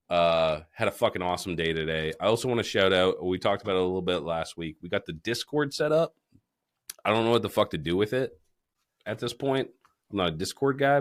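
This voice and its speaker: A low-voiced man hosts a casual podcast, talking loosely and swearing freely. He jokes around with his co-host and sounds a bit tipsy. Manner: loose, profane, joking. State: tipsy from drinking beer. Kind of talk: casual chat. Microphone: studio mic.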